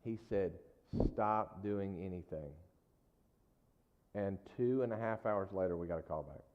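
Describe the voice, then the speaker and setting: A man's voice: low voice, measured pace. A man preaching in a casual, folksy storytelling style, with frequent asides to the congregation. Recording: dull lo-fi sound with long hall reverb.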